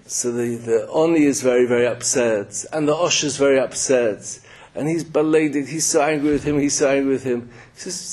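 A man's voice: mid-range voice, moderate pace, few pauses, darkish tone. A man giving a Torah sermon in an emphatic, storytelling way. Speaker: rabbi.

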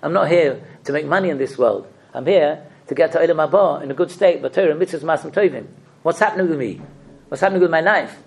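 A man's voice: a little high, fast talker, gravelly. A man voicing a busy shopkeeper who talks earnestly about his priorities, inside a sermon story. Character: busy middle-aged shopkeeper, earnest and timid.

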